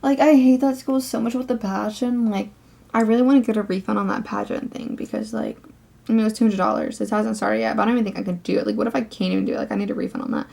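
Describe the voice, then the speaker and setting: A woman's voice: mid-range voice, steady tone, rapid-fire, vocal fry, a little mellow. A teenage girl vlogger telling a storytime rant, swearing often and saying "like" constantly. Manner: ranting, profane, filler-heavy.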